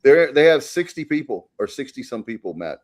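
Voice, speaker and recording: A man's voice: mid-range voice, sing-song. A man co-hosting a casual sports talk show, playful and jokey. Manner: playful, drawn-out jokey delivery.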